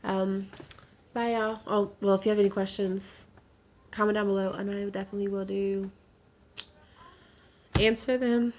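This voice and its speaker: A young woman vlogging after a bad day, hoarse from crying, talking in a subdued, halting way with many fillers. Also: mid-range voice, flat delivery, a little mellow, slight background noise. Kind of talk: casual vlog.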